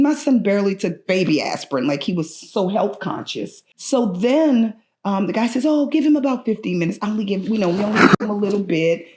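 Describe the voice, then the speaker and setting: Anxious mother retelling a hospital ordeal. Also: medium pitch. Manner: animated, acts out other people's lines while retelling; anxious and urgent, frequent restarts. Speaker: guest, mother of a patient. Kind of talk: recounting a personal story in conversation.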